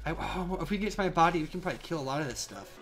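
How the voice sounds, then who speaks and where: A young man giving excitable live commentary on a survival game he is playing, with frequent outbursts and laughs. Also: fairly high pitch, racing. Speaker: gaming channel host. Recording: faint game music behind.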